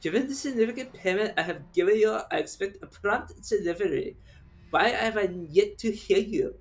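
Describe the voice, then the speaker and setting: A man's voice: mid-range voice, takes it slowly, darkish tone, close to an everyday voice. A man putting on a funny accent to voice a haughty, formal male patron demanding a prompt delivery. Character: pompous male patron demanding his order.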